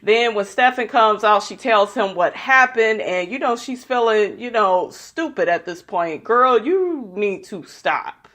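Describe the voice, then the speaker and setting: A woman chatting through a reality show recap in a loose, gossipy way. She is blunt and salty, and she swears freely as she sizes up everyone on screen. Her voice sits at an ordinary middle pitch for a woman. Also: measured pace, hardly any pauses, fairly bright tone. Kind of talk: casual recap commentary.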